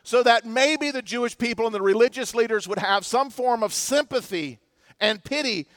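A male preacher with a very high voice delivers an impassioned sermon, dropping to a hush and then rising to loud emphasis. The sound is dry and close, with no room echo. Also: normal speed. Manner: impassioned preaching with dramatic swings between loud and hushed. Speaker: pastor.

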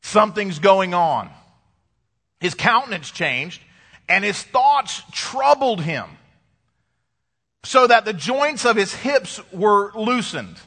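A man preaching with a high, bright voice, building to emphatic points and dropping low for effect. He reads scripture aloud and comments on it. The sound carries a long reverb, like a large hall. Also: big pitch swings, slow pace, long pauses. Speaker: pastor. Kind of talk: sermon.

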